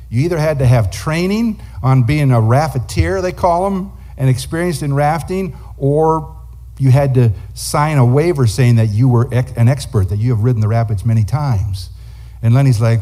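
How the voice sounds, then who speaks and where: A man preaching as a guest speaker, telling a story in an animated way and acting out the people in it. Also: mid-range voice, normal speed. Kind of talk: sermon storytelling.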